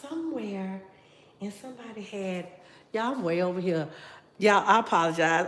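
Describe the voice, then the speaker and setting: In an echoey home kitchen, a middle-aged woman hosts a livestream, casually chatting with viewers while cooking, her voice sitting in a mid range. She's talkative, speaks right to the people watching, and reads their comments out loud.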